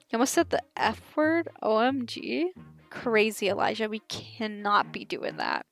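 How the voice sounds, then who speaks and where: A woman in her twenties with a light Southern twang talks loosely and playfully to her live-stream audience. She laughs often, and her voice sits a little higher than most. Soft game music plays underneath. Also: very animated, moderate pace, creaky. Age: 20s. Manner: giggly, chatty, talks straight to chat. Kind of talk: casual live-stream chat.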